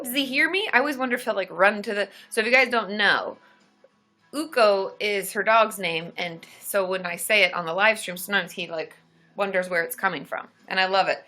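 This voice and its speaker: Woman, live-stream host, bright voice, lively pitch, groggy morning chat, faint music behind. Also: brisk. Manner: chatty, greets viewers by name, loud high whooping cheers. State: just woken up, voice still groggy. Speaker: therapist hosting a live stream. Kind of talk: casual live-stream chat reading viewer comments.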